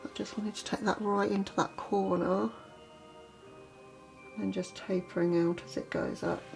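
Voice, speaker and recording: A woman talks through her makeup as she applies it, chatty and relaxed, explaining each step. Her voice sits at a mid pitch, and quiet music plays underneath. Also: measured pace, creaky. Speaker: makeup vlogger. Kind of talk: makeup tutorial narration.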